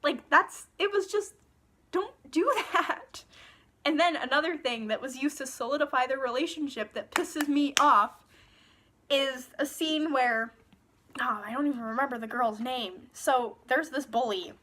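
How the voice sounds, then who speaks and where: A woman's voice: high-pitched, normal speed, pushed and bright, a little hiss or hum. A young woman reviewing books in a casual, sarcastic rant, swearing freely, recorded on her phone. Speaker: book reviewer.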